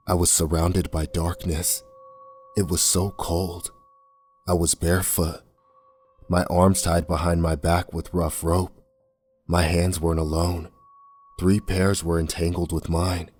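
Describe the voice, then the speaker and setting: A man reading a first-person horror story in a tense, measured way. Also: deep voice. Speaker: narrator. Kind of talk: scripted horror narration. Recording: soft music bed under voice.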